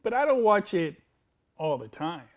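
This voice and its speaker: A man's voice: high voice, big pitch swings, normal speed. A man from the United States co-hosting a podcast, laid-back and laughing often in casual comedic chat. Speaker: podcast co-host.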